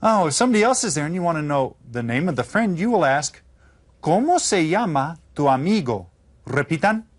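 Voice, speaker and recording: A man teaching a children's language lesson, modeling phrases slowly and clearly for the class to repeat. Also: fairly high pitch, big pitch swings. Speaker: Spanish teacher.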